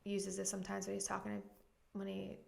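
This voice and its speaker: A woman with a gravelly, creaky voice tells her story in an earnest, emotional way, her pitch staying fairly flat. She speaks as a pastor who is a guest on a podcast, with frequent ums and likes. The recording sits in an echoey room. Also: brisk. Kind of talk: candid personal testimony in a podcast interview.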